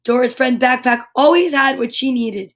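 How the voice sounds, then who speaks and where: A woman reading a children's picture book aloud, animated and chatty, breaking off for little asides to her listeners. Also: high voice, moderate pace.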